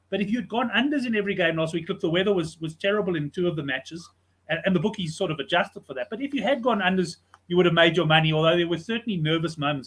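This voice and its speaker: A man hosting a sports betting show, chatting casually and telling stories in an animated way. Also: a little high. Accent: South African English.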